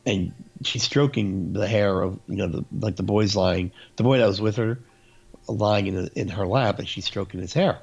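A man's voice: lowish voice, normal speed, creaky, husky. A man in casual chat who tells stories animatedly and acts out what people said, on a dull lo-fi recording. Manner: animated storyteller, acts out quotes.

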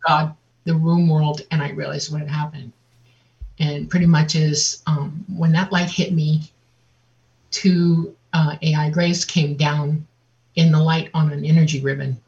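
A woman guest on an interview, telling a personal story in a lively way and acting out the voices of other people. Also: low-pitched, a little slow. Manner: vivid, laughs often, acts out quotes. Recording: dull lo-fi audio.

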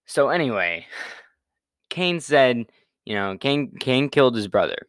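A man's voice: mid-range voice, very animated, unhurried, a bit bright, clean tone, no room sound, studio quality. A young man casually retelling a Bible story in a laid-back, slangy way, full of fillers and restarts.

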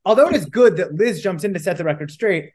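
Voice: mid-range voice, lively intonation, fast talker, darkish tone. A podcast co-host recapping a book in casual chat, reading quotes aloud and then questioning them.

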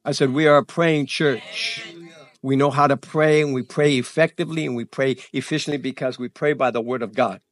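A man pastor giving church announcements before his sermon, animated and excited, tripping over his words and laughing at himself. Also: medium pitch, quick pace, few pauses. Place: church sanctuary.

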